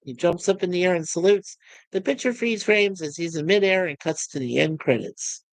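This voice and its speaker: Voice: mid-range voice, no echo, low-quality recording. A fan casually retelling the plot of a comedy series, quoting the characters' lines with small shifts of voice.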